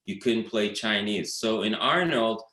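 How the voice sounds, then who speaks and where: A man's voice: fairly low pitch, unhurried, bright, forceful tone. A man being interviewed as a guest, telling stories casually with many fillers and restarts. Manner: rambling storytelling with many fillers. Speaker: documentary director, guest. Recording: roomy echo.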